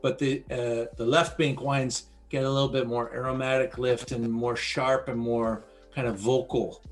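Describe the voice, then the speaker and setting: Slow-talking man hosting a wine tasting. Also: medium pitch, level tone, faint music behind. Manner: slow, descriptive, uses vivid tasting imagery. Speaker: wine educator host. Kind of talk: online wine tasting talk.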